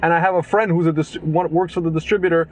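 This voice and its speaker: Male podcast co-host, excitable talker who rants and mocks, slightly higher voice. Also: quick pace. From Kentucky. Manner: animated, ranting, mock voices. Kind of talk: casual chat.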